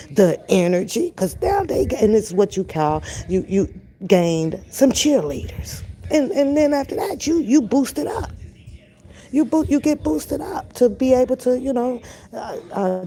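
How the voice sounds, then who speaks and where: An older woman who hosts a reaction channel gives casual commentary to viewers from her home kitchen, her voice medium-pitched and mellow. She's blunt, profane and emphatic, drawing out her words.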